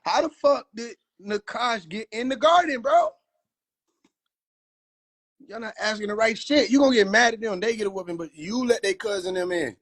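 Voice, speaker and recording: A man's voice: sits high, normal speed, a bit bright. A man riffing in a casual livestream, profane, slangy and laughing often. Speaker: livestream host.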